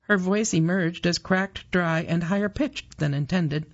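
A woman narrating an audiobook in a measured, even storytelling manner. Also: on the low side, highs cut off. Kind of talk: scripted narration.

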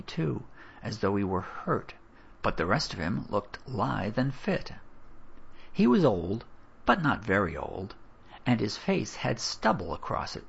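A man narrates a story, his low voice gravelly and slightly husky. His telling rises and falls with lively expression. The recording is dull and lo-fi. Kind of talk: audiobook narration.

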